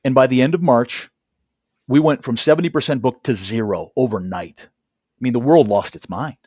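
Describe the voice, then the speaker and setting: A man tells stories from his training work with lively energy, slipping into the voices of clients and colleagues as he quotes them. His voice sits at a middle pitch and sounds dry and a little dull, as if it comes through a video call. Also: normal speed, no room sound. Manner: animated, acts out quoted dialogue. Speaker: negotiation trainer. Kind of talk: interview storytelling. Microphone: video call camera.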